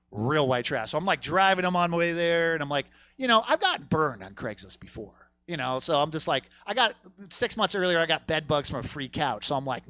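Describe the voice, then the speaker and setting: Crude, bright-voiced stand-up comic. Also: male voice, a little high, no echo. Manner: crude, rambling storytelling with crowd work. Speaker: stand-up comedian. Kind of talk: stand-up comedy set. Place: comedy theater stage.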